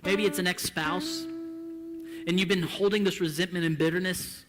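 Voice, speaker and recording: A male pastor preaching a sermon in a church, impassioned and swinging between hushed and loud delivery. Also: high voice, moderate pace, in a large hall, music in the background.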